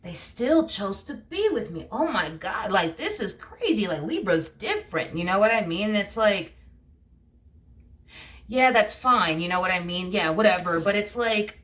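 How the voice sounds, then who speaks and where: A woman's voice: mid-range voice, animated, normal speed, fairly bright tone, recorded from a distance. Heated ranting woman tarot reader. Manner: heated, ranting, frequent swearing. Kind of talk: casual tarot reading monologue.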